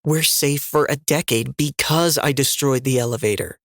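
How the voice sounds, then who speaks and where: A man's voice: mid-range voice, normal speed, a bit bright, no echo, studio quality, lightly acted. A man voicing a defiant, fierce woman rebel leader in an audiobook reading, cutting and sarcastic in tone.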